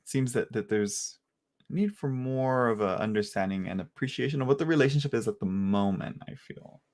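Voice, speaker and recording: A man giving casual live tarot readings to viewers from home, chatty and halting, with frequent restarts and filler words. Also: mid-range voice, darkish tone. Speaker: tarot reader.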